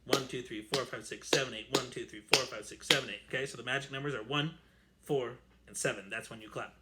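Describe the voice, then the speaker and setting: A man's voice: mid-range voice, fairly even intonation, fast, very noisy. A man teaching a string orchestra lesson on camera from home, counting and singing rhythms aloud and chatting with fillers. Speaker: music teacher. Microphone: camera mic.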